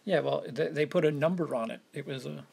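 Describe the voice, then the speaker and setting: A man's voice: on the high side, gravelly, a little mellow, breathy edge. A man co-hosting a podcast, chatting casually about a film and often repeating words as he searches for what to say. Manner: halting, repeats words while searching for phrasing. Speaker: podcast co-host.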